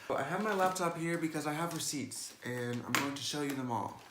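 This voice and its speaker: A man's voice: a little high, brisk, background noise. An eighteen-year-old man telling a personal story in a casual vlog, chatty and sassy, with lots of "like". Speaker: makeup vlogger. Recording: roomy echo.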